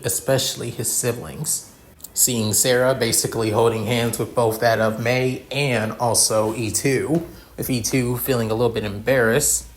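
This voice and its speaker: A man narrating his own fan fiction in a rambling style, with frequent restarts and fillers. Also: medium pitch. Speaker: story reader.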